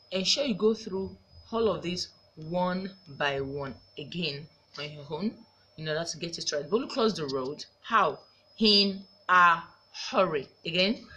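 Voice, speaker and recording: A woman teacher from Nigeria giving a recorded grammar lesson, slowly repeating each example sentence. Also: on the low side, bright, forceful tone, slight background noise.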